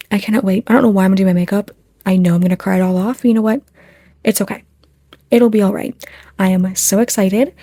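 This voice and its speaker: A young woman chats to her viewers in a casual home vlog, excitable and talkative. Her voice is mellow and warm, with no bright edge. It is recorded close on a phone in a small, dry room. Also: medium pitch, dry recording. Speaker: vlogger.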